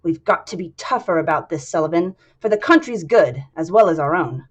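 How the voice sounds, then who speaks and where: A woman's voice: fairly low pitch, expressive, fairly quick, slightly rough. A vain, powerful tycoon gives curt orders with a commanding, slightly raised voice, read aloud by a woman. It is a storybook reading with little disguise. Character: vain, brooding wealthy male tycoon.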